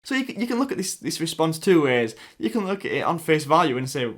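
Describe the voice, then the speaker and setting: A man's voice: fairly high pitch, big pitch swings, fast talker. A man with a Sheffield accent giving casual commentary, hesitant with many restarts. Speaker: YouTube commentator.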